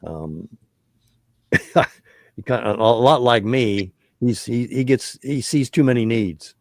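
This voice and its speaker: A man hosting a talk show, chatting casually, often repeating words and pausing with ums. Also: medium pitch, dry recording, clean studio sound. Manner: halting, repeats words, fills pauses with um. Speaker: radio show host.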